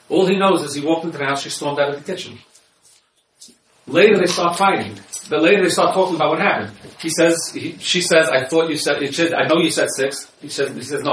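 A man's voice: a little high, fairly bright tone, a little hiss or hum. A man who works as a marriage counselor gives an informal lecture with slides and repeats his key points. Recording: echoey room, voice from far off.

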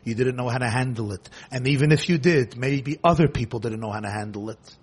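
Impassioned husky male preacher. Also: medium pitch, brisk. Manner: impassioned, repetitive, swings between hushed and loud. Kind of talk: sermon.

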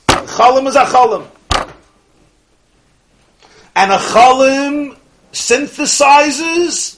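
A man's voice: mid-range voice, a little hiss or hum. A man teaching a religious study class as a rabbi, emphatic, repeating key phrases and putting questions to his listeners.

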